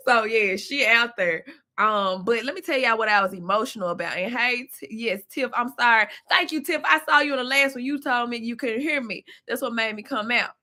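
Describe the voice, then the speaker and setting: A woman's voice: fairly high pitch, moderate pace, sharp tone. A woman from Memphis with a Southern accent, chatting casually to her viewers on a livestream and reading their comments aloud. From Memphis, Tennessee. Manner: chatty, talks to viewers and reads the chat aloud. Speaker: livestream host. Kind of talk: casual live-chat venting.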